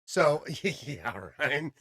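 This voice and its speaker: A man's slightly rough, high-leaning voice moves very slowly as he tells a long story on a podcast, where he's a guest. It's casual and full of swearing, with animated reenactments of what people said.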